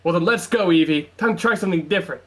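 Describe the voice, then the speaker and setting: A man's voice: high voice, very fast, voice pushed up, lightly acted. A man reading as a fired-up young trainer. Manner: shouting commands, fired up. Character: excitable young male trainer, fiercely loyal.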